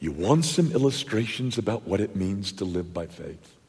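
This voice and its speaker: A man preaching a sermon to his congregation, emphatic, with dramatic pauses and rhetorical questions. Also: fairly low pitch, sing-song, a little mellow, breathy edge. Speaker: pastor. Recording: long echoey church reverb.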